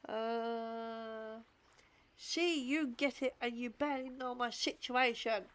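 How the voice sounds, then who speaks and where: A middle-aged woman streaming a game, rambling casually, swearing and reading game text aloud. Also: fairly high pitch. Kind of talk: casual gameplay commentary.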